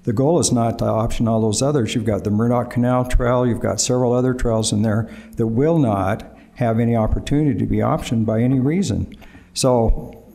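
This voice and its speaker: A man at a city council meeting, explaining and defending a proposal in a measured, defensive way. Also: mid-range voice, fairly even intonation, creaky, mellow.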